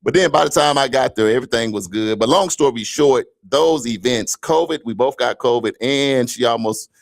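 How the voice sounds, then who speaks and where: Brief: male radio co-host, gravelly tone, dry close mic, animated storyteller. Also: mid-range voice, normal speed, no room sound. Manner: storytelling, animated, preacher-like cadence. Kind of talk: casual radio talk show chat.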